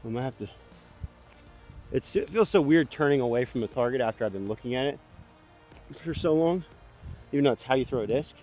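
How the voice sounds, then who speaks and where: Excitable man narrating his own disc throws. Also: mid-range voice, brisk, long pauses, soft background music. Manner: excitable, self-critical, talks to himself between throws. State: a bit out of breath. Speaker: disc golf vlogger. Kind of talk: casual running commentary while playing. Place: outdoors on a disc golf course.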